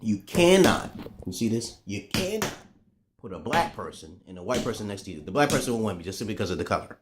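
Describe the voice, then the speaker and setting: A man in a casual, profane ranting monologue to camera, swinging between loud outbursts and low muttering. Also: sing-song, quick pace, heavy background noise. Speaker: vlogger.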